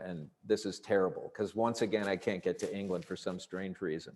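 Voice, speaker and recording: A man, a comedian guest, telling stories in animated, profane casual talk, acting out the people he quotes. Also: low voice, brisk, hardly any pauses. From Canada. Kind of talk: storytelling in casual conversation. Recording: long reverberant room sound.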